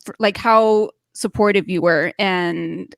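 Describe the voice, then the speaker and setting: A woman's voice: mid-range voice, fairly even intonation, slow pace, creaky, no echo. A woman hosting a podcast over a video call, speaking in a rambling, casual way. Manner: rambling, warm-hearted, many fillers and restarts. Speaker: podcast host. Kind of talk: casual chat.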